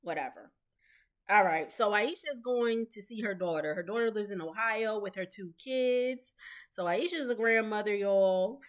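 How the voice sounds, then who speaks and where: A woman's voice: mid-range voice, normal speed. Chatty woman in her thirties. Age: 30s. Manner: chatty and gossipy, laughs often, mimics the cast. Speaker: recap vlogger. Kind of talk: casual reality TV recap.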